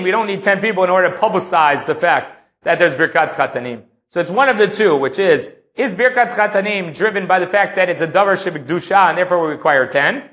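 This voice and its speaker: A man's voice: sits high, sharp tone. A man giving a Talmud lecture, reading Aramaic lines and explaining them in English. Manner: explanatory, reads Aramaic then translates. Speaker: Talmud teacher.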